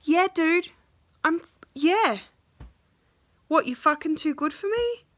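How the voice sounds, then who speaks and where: Bright-voiced young woman ranting casually. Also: very high-pitched, animated, slow, dry recording. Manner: frustrated, swears often, quotes others in voices. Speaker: vlogger.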